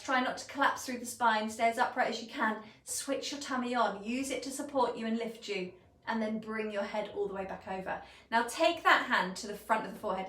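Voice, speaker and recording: A woman teaching a pilates class, calmly cueing each movement and breath step by step. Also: a little high. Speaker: pilates instructor. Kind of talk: guided exercise instruction. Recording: echoey room, voice from a distance.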